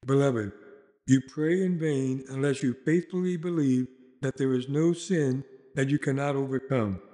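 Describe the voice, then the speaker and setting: A man's voice: mid-range voice, fairly even intonation, normal speed, dark tone. A man reading a sermon aloud as a preacher, in an earnest, exhorting manner.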